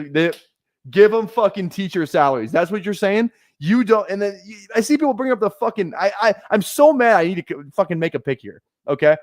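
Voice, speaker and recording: Streamer guy going off at chat, swears a ton, pitch all over the place, dry close sound. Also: dry recording. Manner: heated, profane, repeats himself. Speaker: fantasy football streamer. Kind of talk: ranting live stream commentary.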